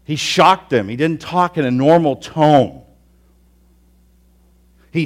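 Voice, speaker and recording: A man preaching a sermon, telling the story with animation, acting out quoted thoughts and swinging from loud declarations to hushed asides. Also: on the high side, takes it slowly, pauses often. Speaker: pastor.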